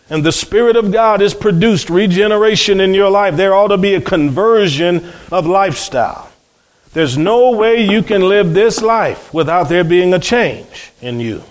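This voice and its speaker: Man preaching, high-pitched, dramatic storytelling, sermon delivery. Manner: storytelling, dramatic quoted voices.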